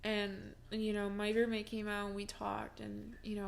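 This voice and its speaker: A woman's voice: mid-range voice, monotone, normal speed, gravelly. A young woman vlogging from home, telling a personal story in a casual, chatty way with many fillers and restarts, and breaking into laughs as she talks.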